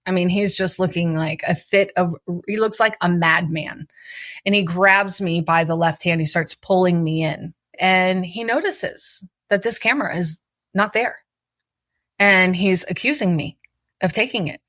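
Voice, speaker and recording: A woman with a lowish voice tells her own story in a vivid, urgent rush, acting out the lines people said. The sound is close and dry, with no room echo. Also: measured pace, a bit bright. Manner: vivid, urgent retelling with acted-out quotes. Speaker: podcast host telling her own story. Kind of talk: personal storytelling.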